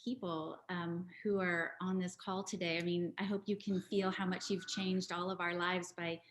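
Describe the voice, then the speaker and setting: A woman's voice: on the low side, flat delivery, normal speed. A woman on a video call from her home, giving an earnest tribute with frequent ums. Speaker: party guest. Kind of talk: heartfelt tribute speech.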